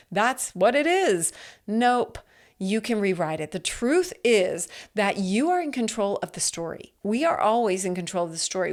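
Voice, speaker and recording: A middle-aged woman hosting a solo motivational podcast, talking in an earnest, chatty way with frequent restarts and checks of "right?", wearing headphones. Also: lowish voice. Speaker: podcast host. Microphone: headphones with a mic.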